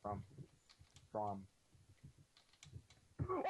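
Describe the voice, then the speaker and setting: A profane, teasing gamer man rants and jokes through a game with a friend. His pitch leaps all over as he talks, and faint noise sits under his voice. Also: big pitch swings, normal speed, fairly bright tone, poor audio. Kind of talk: gaming commentary with a friend.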